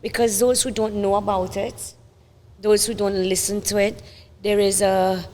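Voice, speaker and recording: Brief: woman podcast host, mid pitch, chatty questions, reverberant hall with faint ambience. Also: little pitch movement, measured pace, a little mellow, a little hiss or hum. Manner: conversational, many fillers and restarts, asks questions. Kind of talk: casual interview.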